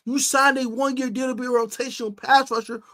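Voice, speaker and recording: On her live-streamed sports podcast, the host scolds in exasperation, using lots of slang and lurching from loud outbursts to quiet muttering. Her pitch barely moves and she talks fairly quickly.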